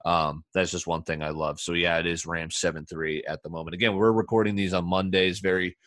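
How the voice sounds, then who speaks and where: Deep-voiced man rambling through a story. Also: fairly quick, no echo, studio quality. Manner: rambling, animated, laughs while telling stories. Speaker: podcast host. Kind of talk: casual storytelling chat.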